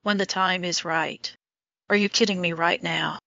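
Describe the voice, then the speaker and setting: A woman's voice: fairly low pitch, fairly even intonation, moderate pace, vocal fry, bright, forceful tone, no echo. A woman voicing an intense, lovesick young man in an audiobook romance, speaking in an urgent, pleading way. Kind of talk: audiobook dialogue reading. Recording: dull lo-fi audio.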